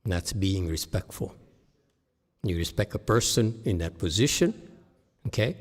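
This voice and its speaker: A man teaching as a meditation master in a dharma talk, shifting from quiet murmurs to loud, laughing exclamations. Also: low voice, animated, a little slow. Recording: long hall reverb.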